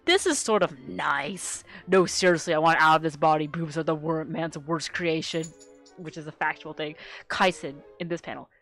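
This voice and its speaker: A woman streamer reads her own webcomic aloud at her home setup. Her chatter is giggly and meandering, with casual swearing sprinkled through it. Her voice sounds bright, with faint music underneath. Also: low-pitched, little pitch movement, fairly quick. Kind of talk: casual live-stream commentary.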